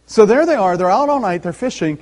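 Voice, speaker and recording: A man preaching a sermon, animated and laughing often, acting out the voices in the story. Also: high voice, fairly quick. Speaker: pastor.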